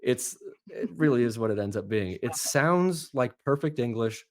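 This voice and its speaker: A man, a guest accent coach, chatting casually on a podcast in an animated, storytelling way. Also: mid-range voice, moderate pace. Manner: animated storyteller, lively asides.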